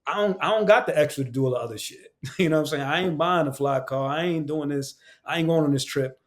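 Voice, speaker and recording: A man's voice: on the high side, quick pace. A man from Queens, an actor and voice actor talking as a guest on a casual podcast, candid and emphatic, with lots of slang and swearing. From Queens, New York.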